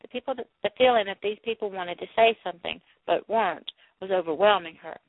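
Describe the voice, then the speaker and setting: A woman's voice: mid-range voice, fairly quick, dry recording. A woman narrating a novel aloud, giving the speakers light voices of their own, with a few small slips along the way. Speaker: audiobook narrator. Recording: dry, tinny phone-like sound.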